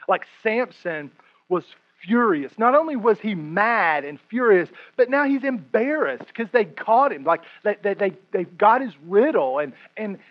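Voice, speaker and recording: A man preaching a sermon, animated and joking, often repeating his words as he explains scripture. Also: high-pitched, highs cut off. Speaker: pastor.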